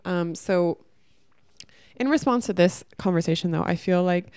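Low, gravelly woman rambling to camera. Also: moderate pace, a little mellow, no room sound, clean studio sound. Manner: rambling, heavy use of "like"; reflective, candid. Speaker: vlogger. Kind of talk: casual spiritual monologue to camera.

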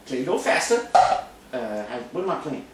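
A man's voice: medium pitch, big pitch swings, fairly quick, heavy background noise. A man giving a goofy, casual drum lesson, joking and repeating himself in mock-boastful bursts. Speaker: drum teacher. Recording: very echoey room, camera mic from a distance.

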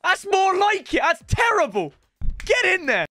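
A young man giving loud, joking commentary over a football video game, swearing often and putting on silly voices. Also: very high voice, wildly swooping pitch, measured pace, dry recording. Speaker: gaming YouTuber. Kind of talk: energetic gameplay commentary.

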